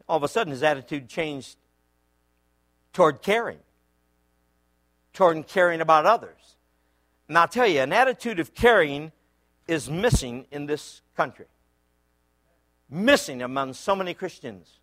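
Animated, bright-voiced male preacher. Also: fairly high pitch, normal speed, pauses often. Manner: animated, acts out shouting voices in his story. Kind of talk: sermon with comic storytelling.

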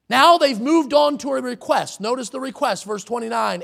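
A man preaching a sermon, reading scripture slowly and with emphasis, then applying it to his listeners. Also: very high-pitched, animated, gravelly, bright, forceful tone.

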